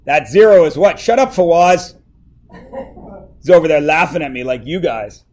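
A man's voice: fairly high pitch, expressive, normal speed, background noise. A man teaching math to a class, working through equations and teasing his students as he goes.

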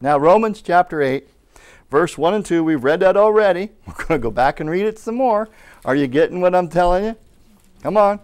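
Exhorting preacher man, smooth voice. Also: high-pitched, animated, normal speed. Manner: exhorting, calls for amens, reads scripture aloud. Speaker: pastor teaching a Bible school class. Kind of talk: sermon.

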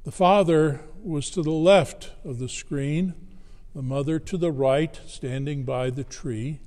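A man preaching a sermon, telling a story slowly and deliberately with long pauses. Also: on the high side, warm tone. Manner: slow, measured storytelling with dramatic pauses. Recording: long hall reverb.

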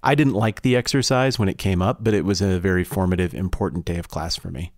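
A man's voice: low voice, quick pace, no room sound. A man co-hosting a podcast, talking in a thoughtful, reflective way in casual chat into a close microphone. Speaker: podcast co-host.

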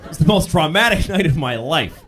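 A male comedian telling stories in a stand-up set, shouting out the lines of people he acts out. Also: on the high side, brisk. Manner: animated storytelling, shouting acted-out quotes. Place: comedy stage. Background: audience laughter.

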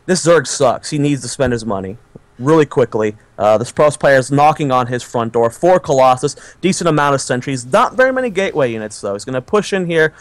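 A young man giving quick, halting commentary on a strategy game as a guest caster. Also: mid-range voice, animated, no room sound.

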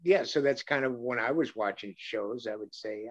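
A man's voice: mid-range voice, brisk, few pauses, fairly bright tone, no room sound, highs cut off. A male voice actor from Brooklyn, New York, telling rambling stories with chuckles and many fillers in a casual interview. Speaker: voice actor guest.

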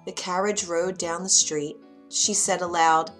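A woman storyteller narrating a classic fairytale as a bedtime story, reading aloud gently and clearly. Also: fairly low pitch, moderate pace, faint music behind.

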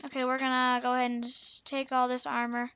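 A woman's voice: high-pitched, completely flat delivery, fairly quick, fairly bright tone, clean tone, highs cut off. A young woman casually commenting on her gameplay, playful and chatty, repeating teasing taunts. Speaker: gaming channel host.

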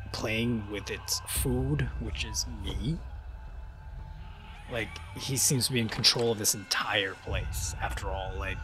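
A man giving casual commentary on a horror game playthrough. He curses a lot and jokes, and at times he taunts the game's monster in a loud, high voice. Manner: profane, taunting, joking. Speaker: gaming YouTuber. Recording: game music behind the voice.

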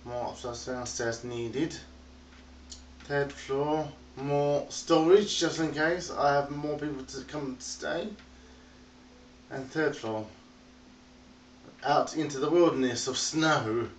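Man narrating a casual game tour, slow and rambling, recorded on a distant, echoey phone mic. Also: a little high, a little hiss or hum. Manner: rambling, chatty, talks to animals in a playful sing-song. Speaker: video game tour guide.

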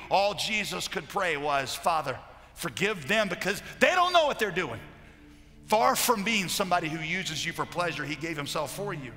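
Impassioned preacher in a reverberant hall. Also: male voice, sits high. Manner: impassioned preaching, swings between loud declarations and hushed storytelling. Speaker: pastor. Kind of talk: sermon. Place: large conference hall. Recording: live hall recording with long reverb and faint music.

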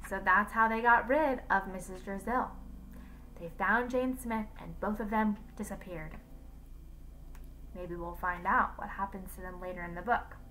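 A woman teacher reading a storybook aloud in a lively, expressive way. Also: mid-range voice, a little slow, slight background noise, rough recording.

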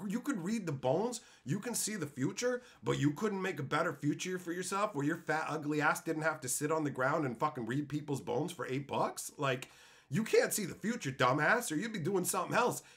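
Thirties male streamer, mock-angry profane ranter, fairly high, very lively voice. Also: brisk. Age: 30s. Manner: ranting, profane, mock-angry banter with chat. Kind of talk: live stream chat while opening card packs.

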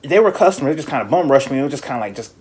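A man hosting a podcast in casual chat, telling stories in an animated, profane way and mimicking people in high voices. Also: very fast. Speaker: podcast host.

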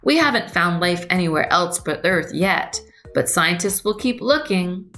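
A woman voicing an excited young girl who dreams of being a space explorer, speaking high, eager and polite. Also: a little slow, soft background music. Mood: curious.

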